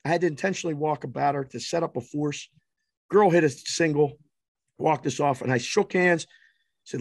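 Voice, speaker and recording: A middle-aged man hosting a podcast, telling a casual story in an animated, profane, self-deprecating way. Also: fairly high pitch, moderate pace, creaky, no echo, studio quality. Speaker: podcast host.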